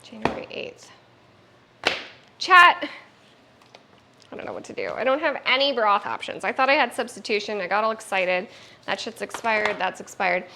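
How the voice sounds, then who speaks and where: Chatty bright-voiced woman streamer. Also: mid-range voice, sing-song, brisk, vocal fry, slight background noise, low-quality recording. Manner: chatty, swears casually, talks to her puppy. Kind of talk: casual live-stream chat.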